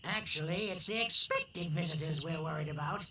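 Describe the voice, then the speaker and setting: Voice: medium pitch, normal speed, sharp tone, slight background noise, close to an everyday voice. An actor playing a wry old blind lookout. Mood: ominous. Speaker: lookout character in a pirate adventure game. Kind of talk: video game voice acting.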